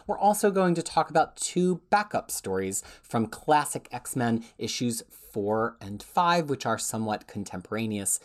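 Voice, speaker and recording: A woman hosting a comic book podcast, reading a scripted opening and then teasing her co-hosts. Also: extremely low pitch. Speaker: podcast host.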